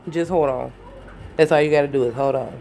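A woman's voice: deep voice, moderate pace, darkish tone, a little hiss or hum. Woman vlogger with hiccups; loose, rambling, chatty delivery. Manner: chatty, rambling, calls viewers "baby". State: has the hiccups. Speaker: YouTuber. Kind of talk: casual vlog chat.

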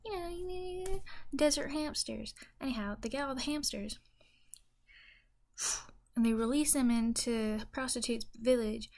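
A woman with a Southern US accent telling a rambling mock-religious comedy story in a folksy, deadpan way. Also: on the high side, moderate pace, vocal fry, long pauses.

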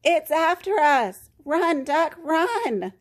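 Woman doing a jittery storybook goose, male, nervous, slow. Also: fairly high pitch, lively intonation. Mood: panicked. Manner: nervous, anxious. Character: timid male goose in superhero cape.

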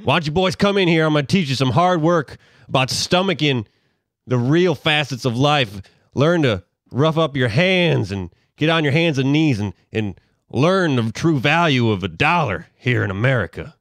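A man voicing a gruff, bossy old farmer lecturing on hard work. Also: mid-range voice, lively intonation, normal speed, a bit bright, no room sound, clean studio sound. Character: gruff old male farm boss, bossy.

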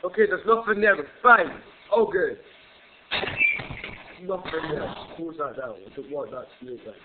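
A man's voice: a little high, big pitch swings, normal speed. A young man commentates a horror game, swearing and panicking as he plays. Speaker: gamer playing a horror game. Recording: tinny lo-fi mic with hiss.

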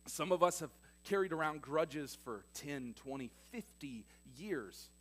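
Speaking expressively and at a measured pace, a male pastor retells stories during a church sermon in a fairly high voice, shifting between loud, emphatic passages and hushed, quiet ones.

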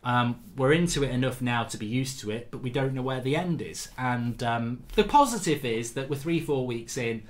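A man hosting his show, casually telling a school story to viewers and acting out loud quotes, then saying he feels fatigued. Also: mid-range voice, normal speed, few pauses. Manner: animated anecdotes with loud acted-out quotes. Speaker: host.

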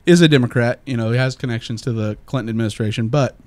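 Emphatic, opinionated male podcast co-host, mid pitch, dry close-mic sound. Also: fast, a little mellow, no room sound. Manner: emphatic, opinionated, talks in long runs. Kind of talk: casual political chat.

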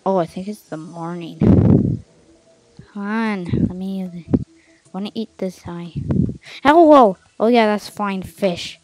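A woman casually commenting on her own gameplay, swinging from hushed mutters to loud excited outbursts. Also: mid-range voice, unhurried, pauses often, dry recording. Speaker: gameplay narrator.

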